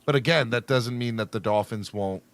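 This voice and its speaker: A man with a mid-range voice hosts a casual sports talk show. He chats in an easy, relaxed way and passes on fresh news as it comes in. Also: mid-range voice, fairly quick. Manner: relaxed, laughs along, reads out news updates. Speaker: podcast host. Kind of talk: casual sports podcast chat.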